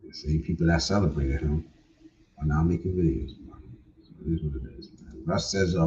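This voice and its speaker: A man's voice: deep voice, a little fast, slight background noise. A man hosting a casual livestream, laid-back, repeating his points and often ending with "man". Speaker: livestream host. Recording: distant, dull lo-fi sound.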